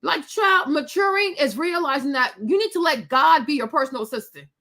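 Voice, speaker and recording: A middle-aged woman telling a story to her viewers in casual chat, animated and sassy, laughing often and acting out quotes. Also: high voice, brisk. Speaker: vlogger.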